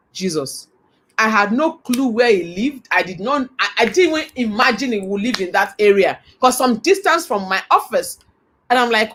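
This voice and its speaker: A middle-aged Nigerian woman giving a motivational talk, telling stories in an animated, earnest way. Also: a little high, brisk. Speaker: motivational speaker.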